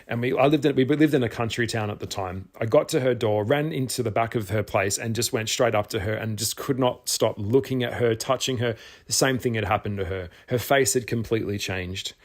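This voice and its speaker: A middle-aged man, telling a personal story in a casual vlog, animated, with some swearing. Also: medium pitch, brisk. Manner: animated, swears, acts out his own past shouts. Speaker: spiritual vlogger.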